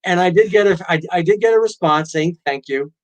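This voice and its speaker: A man's voice: high-pitched, fast talker. A middle-aged man, a guest author and pilot, telling stories in a casual interview and acting out quotes. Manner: animated storyteller, acts out quotes.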